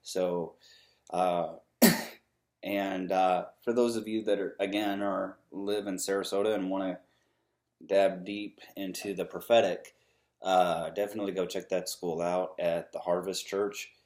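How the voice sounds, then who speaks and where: A man's voice: low voice, little pitch movement, unhurried, darkish tone. A man vlogging a casual, earnest rant to camera, rambling with many ums and restarts, frustrated but upbeat.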